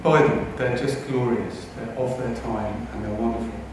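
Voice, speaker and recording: At a conference hall, a man delivers a lecture, eager and wry, tossing in asides to the audience. His medium-pitched voice has fairly even intonation and a moderate pace. The recording is echoey and heard from a distance, with a noisy background.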